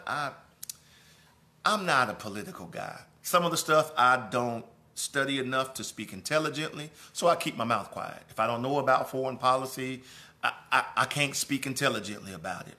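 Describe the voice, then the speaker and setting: A man teaching scripture like a sermon, his voice bright and forceful at a middling pitch. He drives points home with repeated phrases and rising emphasis, then drops into quieter, chatty asides with restarts. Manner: preaching with emphatic repetition, swelling and dropping in volume. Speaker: pastor teaching a Sunday school lesson. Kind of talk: sermon-style Bible lesson.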